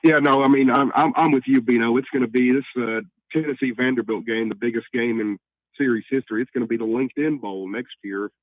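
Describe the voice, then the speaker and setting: A man's voice: medium pitch, fairly even intonation, fast, no room sound. A man calling into a sports radio show, rambling and teasing, with many fillers. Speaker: caller. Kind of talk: call-in sports talk. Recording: tinny phone line.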